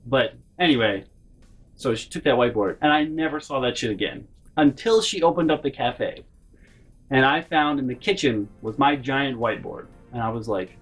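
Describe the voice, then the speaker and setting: A vlogger with a middle-pitched, husky voice rambles through a personal story at normal speed, swearing freely and restarting his sentences. His delivery is animated and casual, with faint music playing behind him.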